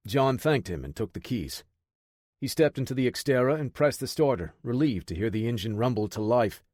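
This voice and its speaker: A man reading a military action audiobook in steady, measured storytelling. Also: medium pitch, no room sound, clean studio sound. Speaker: audiobook narrator. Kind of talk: scripted audiobook narration.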